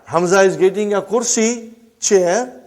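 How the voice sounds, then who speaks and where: A man leads a classroom language lesson in a slightly higher than usual voice. He says each phrase slowly and repeats it, then stops often to ask his students if they follow. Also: darkish tone. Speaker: Arabic language teacher.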